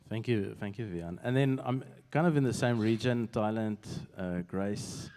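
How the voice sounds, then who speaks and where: A man hosting a casual talk, calmly thanking and introducing guests. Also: on the low side, moderate pace. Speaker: host. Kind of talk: casual chat.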